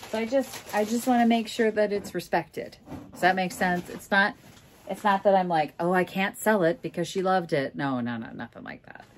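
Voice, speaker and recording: This reseller vlogger, a middle-aged woman from Minnesota, keeps up a candid, casual chat with jokes on the side as she goes through her auction haul. She speaks on the low side, and a little background noise can be heard.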